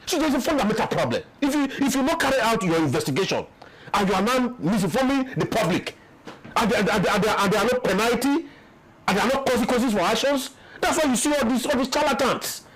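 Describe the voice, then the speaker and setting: A man's voice: very high voice, animated, fast talker, crowd noise, low-quality recording. A man with a Nigerian English accent, giving impassioned, emphatic political commentary as an interview guest and repeating words as he builds his points. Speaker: interview guest, peace commission official.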